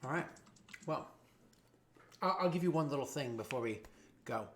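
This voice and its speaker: A man's voice: medium pitch, expressive, moderate pace, slight background noise. A man narrating a tabletop game as game master, rambling with many fillers and restarts. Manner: voices jeering thugs in a raised voice.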